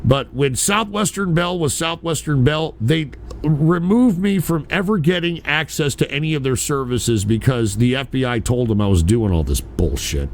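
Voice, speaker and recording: A man's voice: mid-range voice, lively intonation, normal speed, hardly any pauses. A man chatting casually as a streamer, rambling, swearing freely and talking loosely about his past. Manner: rambling, profane, loose and conversational. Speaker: streamer reacting to a clip. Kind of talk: casual chat.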